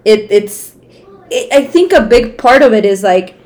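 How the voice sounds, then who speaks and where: A woman's voice: mid-range voice, expressive, measured pace, darkish tone. A woman in her thirties co-hosting a podcast, talking frankly and emphatically, swearing freely and laughing easily. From Mexico heritage, raised in the United States. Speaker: podcast co-host. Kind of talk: casual podcast chat.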